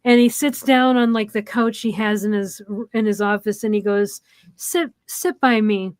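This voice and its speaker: A woman's voice: medium pitch, steady tone, normal speed, a little mellow, clear, resonant tone, no room sound. A woman co-hosting a show, casually retelling a TV episode scene by scene with frequent ums and quoted dialogue. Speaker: podcast co-host. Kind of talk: casual chat recapping a TV episode.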